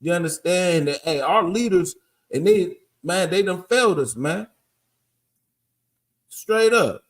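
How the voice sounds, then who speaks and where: High-voiced man preaching bluntly. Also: animated, slow, pauses often. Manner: emphatic, keeps asking "you understand?"; blunt and profane. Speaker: group teacher. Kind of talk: street preaching lesson.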